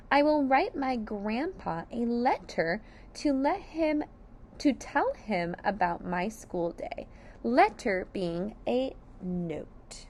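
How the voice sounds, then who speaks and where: Slow, lively-pitched woman teaching phonics. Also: a little hiss or hum. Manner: slow, clear sounding out of words, encouraging. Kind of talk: sight word and phonics lesson for young children.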